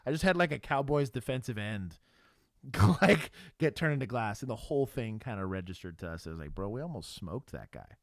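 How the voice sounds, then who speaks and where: A former cop in his thirties co-hosts a casual livestream, telling stories bluntly and swearing as he goes. His voice sits at an ordinary pitch for a man. The sound is dry and close, with no room echo. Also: lively intonation, a little fast. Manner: blunt storytelling with profanity and frequent laughs. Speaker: livestream co-host, former police officer.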